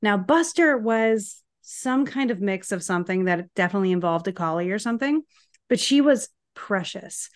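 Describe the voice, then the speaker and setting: A woman's voice: mid-range voice, animated, moderate pace, dry recording, studio quality. A woman in her thirties co-hosting a podcast, telling a story in a chatty, rambling way with asides. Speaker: podcast co-host. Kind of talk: casual chat, storytelling.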